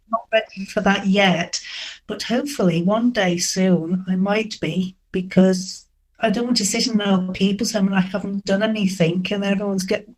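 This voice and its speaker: A middle-aged woman telling candid dating stories in an interview, animated and acting out what people said. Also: medium pitch, low-quality recording. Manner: candid, animated, acts out quoted dialogue. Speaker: interview guest. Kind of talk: frank storytelling.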